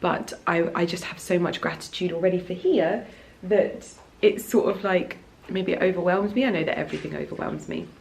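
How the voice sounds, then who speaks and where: A woman's voice: on the low side, fairly quick, gravelly, hardly any pauses. A woman in her thirties from England, chatting casually and gushingly to camera while vlogging outdoors in her home garden. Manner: chatty, gushing, restarts and trails off. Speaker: lifestyle vlogger. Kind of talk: casual vlog chat.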